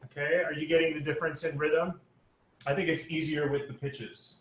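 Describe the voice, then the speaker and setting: A man's voice: a little high, little pitch movement, normal speed, fairly bright tone. A man leading a choir sectional rehearsal, talking singers through the music patiently, step by step, with many um and uh fillers. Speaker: choir director. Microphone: online rehearsal recording. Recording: echoey room with instrument music.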